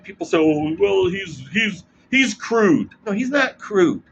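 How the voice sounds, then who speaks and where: A man with a fairly high, lively voice talks through his points in a blunt, sardonic monologue and ends a lot of his sentences with "right?". The recording is muffled and lo-fi, with a faint hiss of room noise underneath. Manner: keeps checking in with "right?" tag questions. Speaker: political commentator. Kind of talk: casual explanatory monologue.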